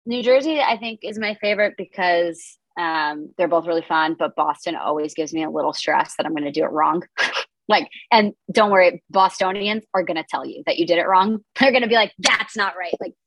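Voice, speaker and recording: A woman's voice: lowish voice, a little fast, no room sound, rough recording. A woman in her twenties, a comedian, chatting casually and upbeat in a podcast interview, full of filler words. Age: 20s. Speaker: comedian and content creator, guest.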